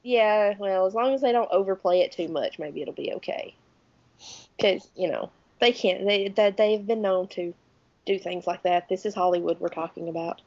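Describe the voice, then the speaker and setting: A woman's voice: mid-range voice, no echo, muffled recording. A woman of around thirty with a Southern US accent, co-hosting a podcast in casual, chatty conversation. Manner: chatty, talks louder and faster when excited. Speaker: podcast co-host. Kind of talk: casual chat.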